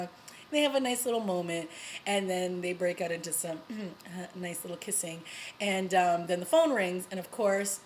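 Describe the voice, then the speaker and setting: A woman vlogger recapping a TV episode in a casual, excited way, with lots of "you know" and little laughs. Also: on the low side, normal speed, slight background noise, rough recording. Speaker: TV review vlogger.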